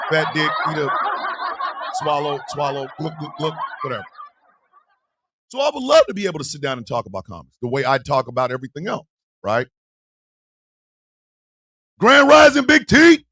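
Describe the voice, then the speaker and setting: A man hosting a livestream, chatting casually with his audience in loud, animated, profane banter with frequent laughter. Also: fairly high pitch, normal speed, pauses often, breathy edge. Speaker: livestream show host. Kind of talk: casual livestream talk, reacting to chat.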